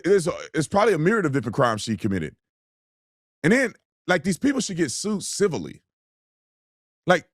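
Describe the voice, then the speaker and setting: A man's voice: medium pitch, no room sound, clean studio sound. A man giving blunt, mocking, heated commentary on video clips, with slangy, colloquial speech. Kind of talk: opinionated commentary.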